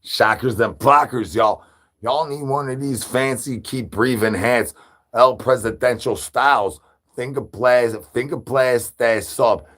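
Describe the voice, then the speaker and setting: A man's voice: medium pitch, measured pace, fairly bright tone. A man hosting a livestream, rambling absurd rhyming slang as a brain-hungry zombie persona. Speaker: livestream host. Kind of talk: absurd comedic livestream rant.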